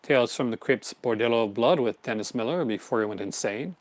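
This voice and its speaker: A man's voice: mid-range voice, brisk, no room sound. A man hosting a casual live stream, rambling enthusiastically about his horror film collection, with many fillers and restarts. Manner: answers viewer chat comments.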